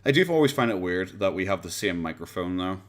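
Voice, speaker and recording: This is a low-pitched Irish man who talks fast and with animation while hosting a relaxed reaction livestream. He's at home with pets around, speaking into a USB condenser mic on his desk, rambling, laughing frequently, and swearing offhandedly.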